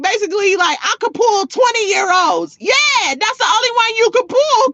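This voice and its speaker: A woman's voice: very high voice, a bit bright, no room sound, dull audio. A woman hosting a livestream in a sassy, mocking way, talking to her chat. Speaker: livestream host. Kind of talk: livestream chat reacting to viewers.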